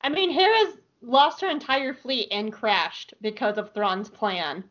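Woman from the South, podcast co-host, animated, swears a lot, lo-fi sound. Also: on the high side, measured pace. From American South. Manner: animated, swears freely, laughs often. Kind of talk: casual chat. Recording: lo-fi audio.

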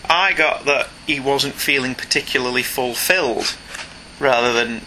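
A British man talks casually about comics as a podcast co-host, chatty and quick with a joke. His voice is middle-pitched with a sharp, bright edge. A faint hiss sits under the recording. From Britain. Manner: chatty, jokey, animated.

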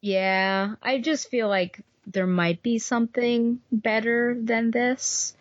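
A woman's voice: fairly high pitch, fairly even intonation, slow, dry recording, muffled recording. A woman co-hosting a podcast, talking casually about books, rambling with many fillers. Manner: chatty, rambling with "like" and "um". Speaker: podcast co-host. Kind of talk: casual book-club chat.

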